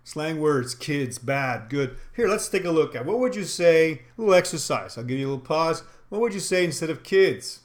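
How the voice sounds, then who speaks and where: A man's voice: fairly high pitch, expressive, moderate pace, few pauses. A man teaching retail sales, talking in an instructional, emphatic way and acting out sample phrases. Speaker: sales trainer. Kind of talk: instructional talk.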